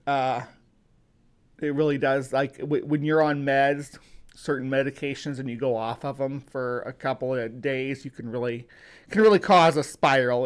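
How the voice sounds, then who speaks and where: A man's voice: mid-range voice, a bit bright. A man from the US hosting a casual livestream, greeting viewers by name and rambling with many fillers and restarts. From United States. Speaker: livestream host.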